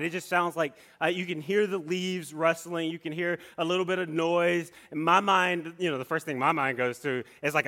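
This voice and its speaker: High, bright-voiced man telling a story. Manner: animated storyteller with many restarts and asides.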